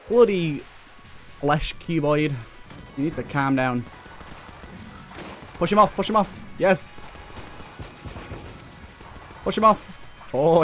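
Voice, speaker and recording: A young man giving excitable running commentary while playing a video game, talking back to enemies on screen. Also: on the high side. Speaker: let's play host. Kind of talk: gameplay commentary. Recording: faint game music behind.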